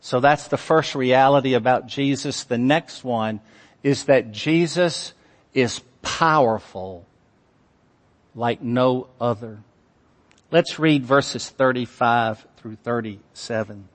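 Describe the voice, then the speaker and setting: Slow emphatic preacher in a reverberant hall. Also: male voice, medium pitch. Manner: slow, emphatic preaching with long pauses and rising intensity. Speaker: pastor. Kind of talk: sermon.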